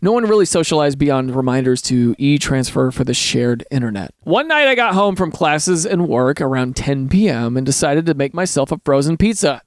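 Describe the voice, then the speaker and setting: Excitable man with a dry, close voice. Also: on the high side, a little fast, no room sound. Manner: excitable, jumps between reading and loud animated asides; casual and jokey, calls listeners dude. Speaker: host. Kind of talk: reading online stories aloud with casual commentary.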